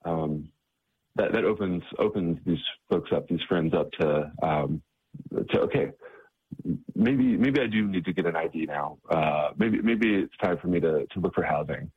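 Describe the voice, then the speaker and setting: Male guest, very low and husky, halting with many repeats, phone-quality audio. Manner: halting, repeats words often. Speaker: guest, charity staff member. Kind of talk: interview conversation. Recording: tinny phone-like line.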